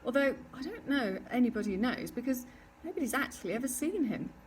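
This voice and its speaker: A woman's voice: high-pitched, expressive, fairly quick, slight background noise, voice pushed up. A woman voicing a proud, bossy little girl with a matter-of-fact, know-it-all manner in a storybook reading. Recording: distant mic with faint ambience.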